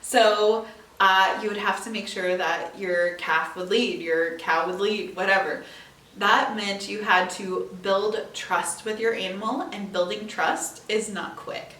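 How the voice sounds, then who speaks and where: A young woman podcast host from northeast Iowa talks in a lively, chatty way and laughs often. Her voice sits at a middle pitch. She is a little far from the mic, and the room adds a noticeable echo. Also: a little slow, a little hiss or hum. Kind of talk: solo podcast monologue. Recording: roomy echo, mic a bit distant.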